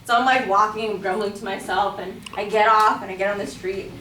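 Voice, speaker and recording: A woman's voice: mid-range voice, fairly even intonation, fairly quick, hardly any pauses, fairly bright tone. A young woman giving a casual storytelling speech to a class, full of fillers and acting out her own reactions. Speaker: student speaker. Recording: echoey room from far off.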